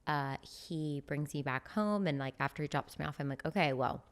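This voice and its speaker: A woman with a low-pitched voice recounts a dating story on a podcast. She talks in a chatty way, dropping "like" often and slipping into the voices of people she quotes. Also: moderate pace, clean tone. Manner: chatty, frequent "like" fillers, acts out quoted dialogue. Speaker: podcast guest. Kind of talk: casual chat, storytelling.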